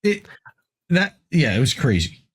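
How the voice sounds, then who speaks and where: A man's voice: mid-range voice, sing-song, measured pace, husky. A man co-hosting a political commentary show, weighing his words carefully with hedges and restarts.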